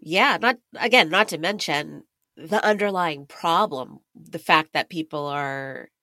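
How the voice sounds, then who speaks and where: Deep bright-toned woman interviewer. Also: a little slow, no echo, clean studio sound. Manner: engaged, asks follow-up questions. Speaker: interview host. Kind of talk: casual interview chat.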